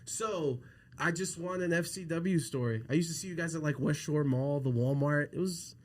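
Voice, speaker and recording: A man's voice: on the high side, normal speed, darkish tone. A man interviewing a wrestler in a laid-back, slangy way, chatting like an eager fan. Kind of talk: casual interview chat.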